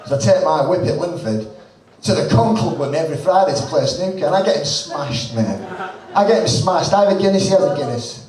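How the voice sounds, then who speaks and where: A man's voice: on the high side, lively intonation, a little fast, a little mellow. A man with a Lancashire accent doing stand-up, with blunt, sweary, self-mocking banter. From Lancashire, northwest England. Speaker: stand-up comedian. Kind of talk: stand-up set. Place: small comedy club. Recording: roomy club recording from far off, crowd audible. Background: audience laughter.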